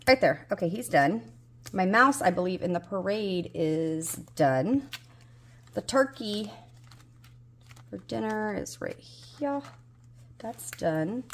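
A woman's voice: mid-range voice, lively intonation, slow pace, pauses often. A woman in her forties with a Southern US accent, chatting casually to herself as she plays a budgeting game and hunts for pieces, mildly exasperated. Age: 40s. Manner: talks to herself while searching, mildly exasperated. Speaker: budgeting vlogger. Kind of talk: casual solo chat.

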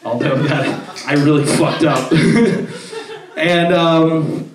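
Young man, stand-up comedian, rambling and swearing, slightly high voice, echoey club heard from off-mic. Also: extremely slow, far from the mic, crowd noise. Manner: rambling, heavy filler words and swearing. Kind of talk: stand-up set.

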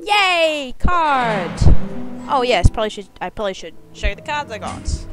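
Excitable young woman gaming, lively pitch. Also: a little slow. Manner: excitable, self-mocking, yelps at the game. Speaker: let's play gamer. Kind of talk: casual game commentary. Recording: game music playing behind.

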